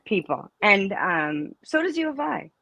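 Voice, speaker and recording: A woman's voice: medium pitch, very animated, measured pace, bright, forceful tone, dry recording, lo-fi sound. A middle-aged woman, a student's mother, telling stories emphatically in a casual interview, restarting her sentences often. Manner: emphatic, storytelling, with many restarts.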